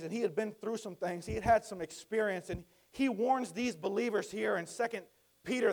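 A man preaching a sermon in a conversational way, swinging from hushed, quiet lines to loud, emphatic ones. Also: high voice, gravelly.

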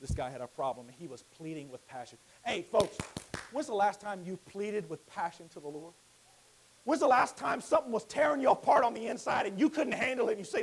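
Man, high voice, fiery sermon preacher: repeats and builds to shouts. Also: very animated, quick pace, husky, low-quality recording. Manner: swings from quiet teaching to loud impassioned shouting; repetitive, emphatic preaching cadence.

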